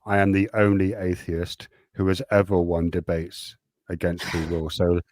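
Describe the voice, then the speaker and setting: A man's voice: low-pitched, level tone, normal speed, a little mellow, no room sound, clean studio sound. A man debating online, a little drunk, combative and cursing, cutting in often. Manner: combative, interrupts, curses.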